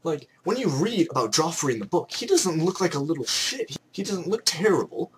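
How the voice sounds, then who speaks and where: Young man, from Canada, excitable rant, slightly high voice, faint hiss behind. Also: a little fast. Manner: excitable, animated ranting with mock voices. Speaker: vlogger. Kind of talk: ranting vlog.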